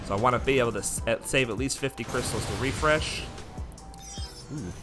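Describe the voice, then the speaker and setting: A man giving excited live commentary while playing a mobile game, chatting with his viewers as he goes. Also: mid-range voice, brisk, music in the background.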